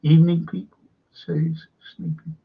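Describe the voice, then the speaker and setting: A man's voice: fairly high pitch, very animated, measured pace, creaky, husky, narrow, tinny audio. A man hosting a live-stream current-affairs show, ranting with plenty of swearing and greeting viewers in the chat.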